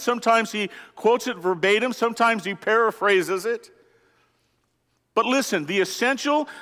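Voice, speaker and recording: A man's voice: high-pitched, pushed and bright. A man preaching a sermon as pastor, earnest and emphatic, asking the congregation rhetorical questions. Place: church sanctuary. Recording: church hall with long reverb.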